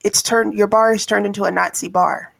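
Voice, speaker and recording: A woman co-hosting a casual discussion, telling stories thoughtfully with frequent pauses and ums. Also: mid-range voice, fairly even intonation, vocal fry.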